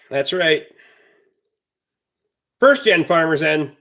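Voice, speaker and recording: A man's voice: on the high side, animated, a little slow, sharp tone. A man hosting a livestream, telling a rambling story in a blunt, heavily profane way. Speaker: livestream host.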